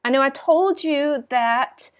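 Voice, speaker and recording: A woman with a fairly high voice teaches French in a recorded lesson, probably from home. She talks patiently, fills pauses with frequent ums and says each phrase aloud for her students.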